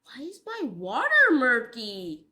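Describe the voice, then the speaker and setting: A woman's voice: a little high, wildly swooping pitch, slow pace, bright, forceful tone. A young woman talking casually in a rambling, dramatic, self-mocking vlog. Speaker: vlogger.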